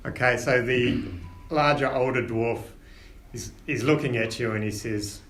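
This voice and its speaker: A man running a tabletop game in an unhurried way, with many ums. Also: mid-range voice, fairly bright tone, echoey room. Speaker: game master.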